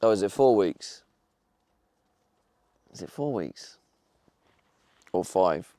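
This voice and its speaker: A man's voice: low-pitched, expressive, slow, warm tone, dry recording. A young man streaming live from his van, chatting casually and bantering with his viewers. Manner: chatty, swears, talks back to chat.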